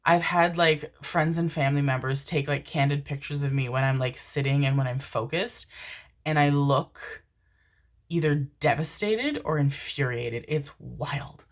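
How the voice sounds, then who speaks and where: Woman, tarot reader, low voice, casual rambling storytelling, repeats words, swears casually. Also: measured pace.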